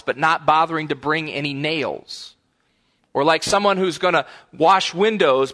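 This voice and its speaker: A man's voice: mid-range voice, fairly bright tone. A middle-aged man preaching a sermon, telling stories and building to emphatic repetition. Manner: storytelling, rises to emphatic repetition. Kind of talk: sermon on a parable.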